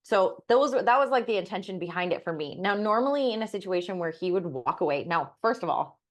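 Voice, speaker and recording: A middle-aged woman co-hosting a podcast, telling a family story in a candid, casual way, swearing freely and filling her talk with "like.". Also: low voice. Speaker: podcast co-host.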